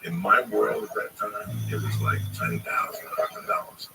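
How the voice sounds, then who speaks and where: Gravelly man rambling far from the mic. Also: low-pitched, very animated, moderate pace. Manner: rambling, profane, confiding. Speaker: livestreamer. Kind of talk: casual storytelling to friends. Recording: distant mic with loud background noise.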